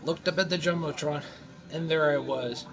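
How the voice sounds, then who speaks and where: Animated, rambling man in his 40s. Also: a little high, moderate pace. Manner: animated, rambling, with frequent restarts. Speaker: gamer narrating his gameplay. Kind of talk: casual storytelling over gameplay.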